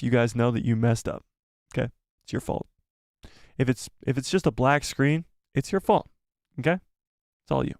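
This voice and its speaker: Man, live stream host, casual chat, excitable, swears, gravelly voice, dry close sound. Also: mid-range voice, dry recording.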